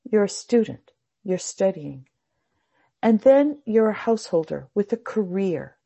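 A woman giving a casual spiritual talk on meditation. She tells a parable in an animated way, acts out the voices and swears now and then. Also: mid-range voice, creaky, breathy edge. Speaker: meditation teacher.

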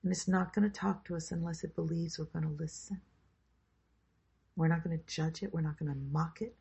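A woman leading a group workshop who guides a grounding meditation in a slow, soothing way and then invites comments. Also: low-pitched, fairly even intonation, gravelly, mellow, husky. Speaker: workshop leader. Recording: dull lo-fi sound.

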